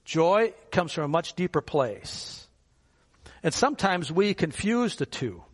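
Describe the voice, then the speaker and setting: A male pastor delivers a sermon in a friendly, conversational way, putting rhetorical questions to his congregation. His voice sits a little higher than most men's, and a long reverb from the church sanctuary trails after his words. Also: sing-song, measured pace, slightly rough.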